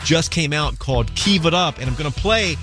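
A man hosting a radio show, interviewing a music group in an energetic, joking way. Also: fairly high pitch, brisk. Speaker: radio host.

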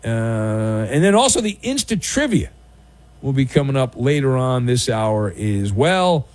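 Sarcastic late-night sports radio host. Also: male voice, medium pitch, very animated, darkish tone. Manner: sarcastic, jokey, drawn-out emphasis.

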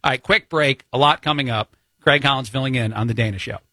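Man, New Jersey accent, talk radio host, bright forceful tone, dry studio sound. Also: medium pitch, fast, dry recording. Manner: opinionated, chatty, with many fillers.

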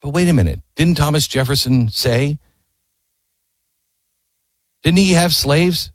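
A man's voice: on the high side, unhurried, dry recording. A man telling history as a story, impassioned and emphatic, posing rhetorical questions to his listeners. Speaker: history commentator.

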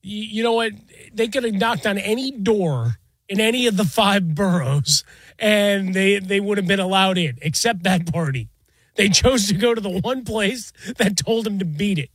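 A man with a fairly high voice, recorded close and dry. He co-hosts a sports talk show and keeps ribbing the host with jokes. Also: normal speed, breathy edge, no echo. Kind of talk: casual sports talk banter.

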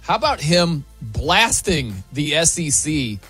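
A man hosting a sports radio show, energetic and upbeat as he introduces segments and banters with co-hosts. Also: on the high side, slow pace, breathy edge, soft background music. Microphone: studio microphone.

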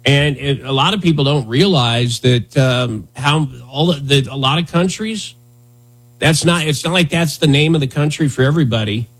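Husky, sarcastic talk radio host. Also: male voice, medium pitch, normal speed, a bit bright. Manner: sarcastic, rambling, mock-indignant. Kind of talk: casual comedic talk radio banter.

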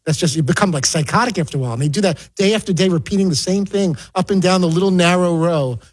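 A man's voice: high voice, quick pace, husky, poor audio. A man co-hosting a talk show, rambling earnestly from one thought to the next. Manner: rambling, earnest, easily sidetracked. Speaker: co-host. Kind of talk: casual on-air banter.

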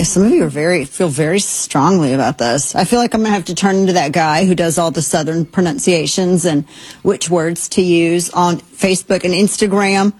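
A woman's voice: lowish voice, moderate pace, darkish tone, breathy edge, dry recording. A middle-aged woman hosting a talk radio show, blunt and sarcastic, rambling through opinionated commentary with many restarts.

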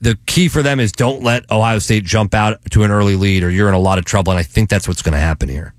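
A man hosting a sports betting show, talking picks in a chatty, enthusiastic way with halting restarts. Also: fairly low pitch, dry recording, clean studio sound. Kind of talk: casual sports betting chat.

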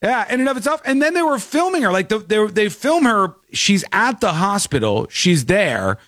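Animated storytelling man, lively pitch. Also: dry recording, studio quality. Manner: animated storyteller, acts out quotes. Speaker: podcast host. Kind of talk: casual chat.

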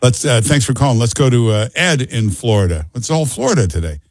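A man's voice: medium pitch, big pitch swings, a little fast, no room sound. A man hosting a call-in radio talk show, emphatic and joking, repeating himself for effect.

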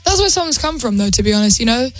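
Woman songwriter chatting on the radio, kinda high voice, lots of likes and restarts, faint music under. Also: very animated, quick pace, no echo. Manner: chatty, many fillers and restarts. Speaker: singer-songwriter guest. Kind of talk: casual radio interview.

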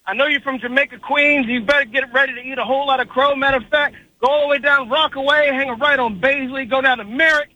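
A man's voice: very high voice, fairly even intonation, pushed and bright, no room sound, lo-fi sound. A man calling into a sports radio show to playfully trash talk the host. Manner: boastful, rapid street directions. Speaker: caller.

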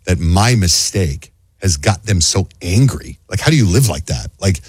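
Low husky male radio host. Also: animated, normal speed, dry recording, clean studio sound. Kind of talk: casual radio chat.

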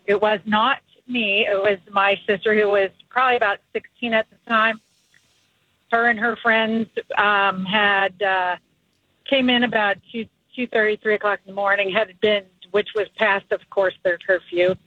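A man calling in to a radio show, telling a story in a brisk, chatty way. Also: sits high, little pitch movement, no echo. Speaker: caller. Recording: tinny phone line.

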